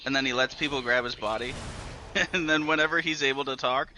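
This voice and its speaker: A man's voice: mid-range voice, brisk, bright, forceful tone, a little hiss or hum, poor audio. A man chatting casually while playing a video game, laughing often and swearing freely as he tells stories. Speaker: gaming channel co-host. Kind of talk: casual let's-play chat.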